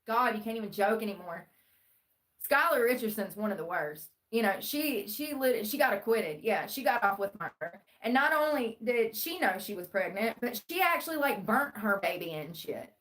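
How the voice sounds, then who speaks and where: A woman's voice: a little high, lively intonation, moderate pace, fairly bright tone. Rambling sarcastic woman streamer. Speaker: live streamer. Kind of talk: livestream true-crime commentary.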